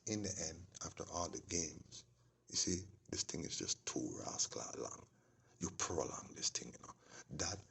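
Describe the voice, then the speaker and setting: A man's voice: sits low, creaky, sharp tone, slight background noise. A man telling a long rambling story, often dropping into whispered asides. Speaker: vlogger. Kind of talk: casual storytelling monologue.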